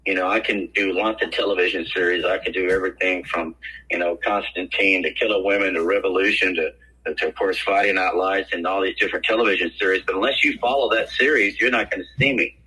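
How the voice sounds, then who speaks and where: An older man talks on a podcast with a forceful, bright, somewhat rough voice. He tells his stories with energy and slips into the voices of the people he quotes. The sound is a little thin, as if heard over a phone. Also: sits low, quick pace, rough recording. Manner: animated storyteller, acts out quoted voices. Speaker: actor guest. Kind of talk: casual podcast interview storytelling.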